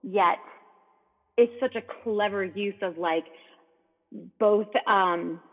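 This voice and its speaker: A woman's voice: mid-range voice, takes it slowly. A woman co-hosting a casual chat, enthusiastic and rambling, heard over a tinny line. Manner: enthusiastic, rambling, many fillers. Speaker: co-host. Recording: tinny phone-like line with long reverb.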